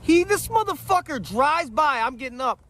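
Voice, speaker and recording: A man's voice: very high-pitched, very animated, moderate pace, fairly bright tone. A man in his forties telling a story in a heated, blunt, profane monologue. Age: 40s.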